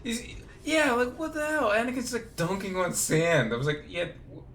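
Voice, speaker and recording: A man chatting casually beside a friend's game, ranting in an animated way with lots of fillers. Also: extremely high pitch, normal speed, slight background noise. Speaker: co-streamer. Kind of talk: casual chat.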